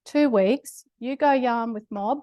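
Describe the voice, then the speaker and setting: A woman's voice: a little high, slow pace, mellow, no echo, clean studio sound. A middle-aged Australian woman giving a public lecture, telling personal stories with a humorous, self-deprecating manner. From Australia (Queensland). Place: lecture hall.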